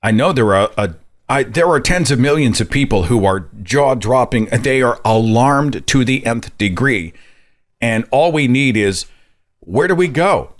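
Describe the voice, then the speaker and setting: A man's voice: medium pitch, animated, a little slow. A man hosting a call-in talk show, venting in a rambling, exasperated way with many rising rhetorical questions. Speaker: podcast host.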